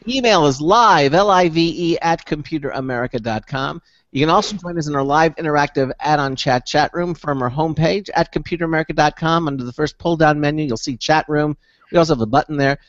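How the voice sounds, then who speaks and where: A man's voice: on the high side, fast talker. Chatty male radio host, muffled audio. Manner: rambling, with repeated restarts. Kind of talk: casual radio chat.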